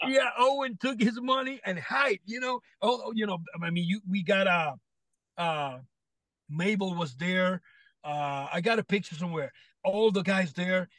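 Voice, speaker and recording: A man's voice: high-pitched, moderate pace, fairly bright tone, dry recording. A man from Puerto Rico with a Puerto Rican Spanish accent, a guest telling stories animatedly and acting out the quoted lines, his English loose in grammar. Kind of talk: podcast storytelling.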